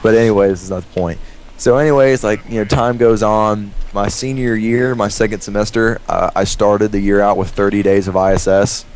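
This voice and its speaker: A man's voice: lowish voice, fairly even intonation, moderate pace, a little mellow, slight background noise. A young man telling a story in casual chat, rambling and swearing freely.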